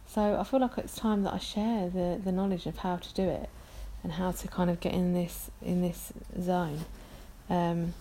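A woman's voice: fairly low pitch, level tone, normal speed, warm tone, slight background noise. A woman in her thirties with a London accent, chatting casually on her own podcast, rambling and self-deprecating with many ums. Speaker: podcast host. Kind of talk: casual solo podcast chat.

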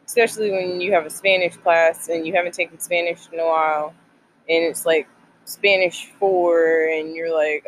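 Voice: medium pitch, fairly even intonation, moderate pace, no room sound, rough recording. A person in their twenties talking casually about faith and college life, rambling with lots of filler words. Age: 20s. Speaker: college student sharing faith devotional.

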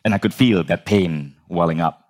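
Lively storytelling man, fairly low voice. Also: moderate pace. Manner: animated, humorous, swears casually. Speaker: speaker telling his life story. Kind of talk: storytelling talk.

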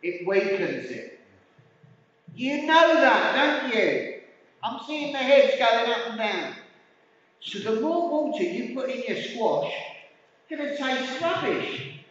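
A middle-aged man with a Hertfordshire English accent preaches to his congregation, talking with them and asking them questions in a high, lively voice at an unhurried pace. He is recorded from a distance in a community centre hall with a long, booming echo. The sound is dull, with faint room ambience behind him. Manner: conversational, asks the congregation questions. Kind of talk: sermon.

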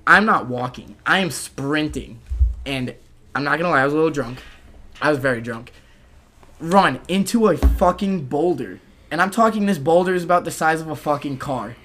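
A young man telling a rowdy story on a casual podcast, animated, swearing and saying "dude" a lot. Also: fairly high pitch, normal speed, slight background noise.

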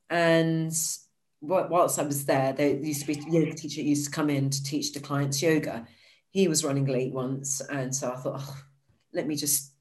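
A woman, a podcast guest, telling her life story in a lively, chatty way. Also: poor audio. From United Kingdom. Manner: lively storyteller, acts out quotes with high bright exclamations. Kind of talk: casual storytelling interview.

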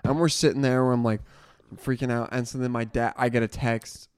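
He is a young podcast co-host who chats casually and throws in teasing jokes. His voice sits at an average pitch. The sound is close and dry. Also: little pitch movement, brisk, clear, resonant tone, no echo. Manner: joking, teasing interjections. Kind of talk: casual chat.

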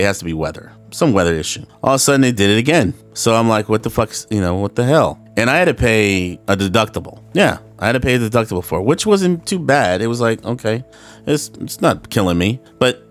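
A man hosting a solo podcast, rambling and swearing with frequent laughs, slipping into voices when he quotes people. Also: on the low side. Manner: rambling, profane, laughs often; acts out voices in quoted dialogue. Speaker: podcast host. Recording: faint guitar music in background.

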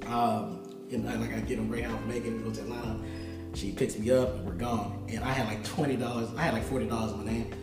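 A man telling a long story in a casual, animated way, full of slang and laughs. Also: on the low side, fast. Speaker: musician guest. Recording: echoey room, distant mic, music behind.

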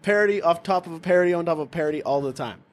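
A man's voice: fairly high pitch, rapid-fire. A man hosting a podcast, trading crude insult jokes with friends and singing song parodies. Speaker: podcast host. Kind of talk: crude banter.

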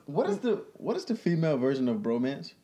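A woman hosting a casual chat, playful and quick to react, swearing casually. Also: sits low, big pitch swings, dark tone. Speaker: podcast host.

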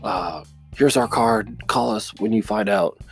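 A man voicing a police detective who questions a witness in a plain, matter-of-fact way, a little higher than his own deep voice. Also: a little slow, creaky, faint music behind. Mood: questioning.

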